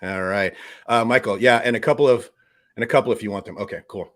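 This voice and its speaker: A man hosting a live fan stream, reading out chat comments and reacting with excited outbursts. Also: fairly low pitch, quick pace. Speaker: host of a live fan show.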